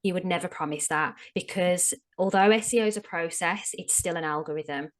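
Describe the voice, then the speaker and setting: Woman with a low voice giving plain advice. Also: a little fast. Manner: frank, explanatory, emphatic on tips. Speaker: SEO strategist, podcast guest. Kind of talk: casual interview chat.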